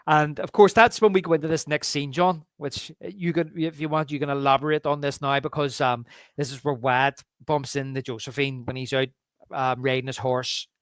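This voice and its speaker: Man, podcast co-host, eager casual film chat, middle pitch, dry close sound. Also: fairly even intonation, moderate pace, fairly bright tone, smooth, no echo. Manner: enthusiastic, quotes lines from the film. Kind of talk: casual movie review chat.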